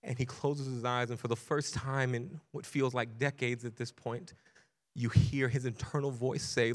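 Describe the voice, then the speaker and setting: A man's voice: medium pitch, fairly even intonation, moderate pace. A male pastor giving a sermon, retelling a story earnestly and building in intensity, with repeated phrases.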